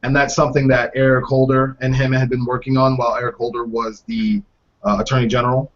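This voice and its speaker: A man hosting a casual podcast, chatting about news with jokes and quick asides. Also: medium pitch, level tone. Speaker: podcast host. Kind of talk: casual political chat. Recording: dull lo-fi podcast audio.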